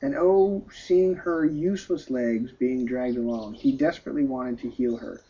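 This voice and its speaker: Man reading a storybook aloud, emotive and sighing, husky voice, dull lo-fi recording. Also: mid-range voice, normal speed, few pauses, dark tone. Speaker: story reader. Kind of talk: storybook narration.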